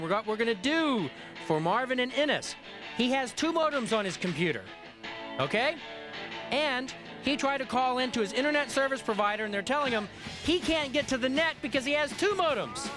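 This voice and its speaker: A man's voice: very high voice, animated, normal speed, over music. A man hosting a call-in computer show, joking and teasing callers. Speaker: show host. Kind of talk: call-in radio talk show.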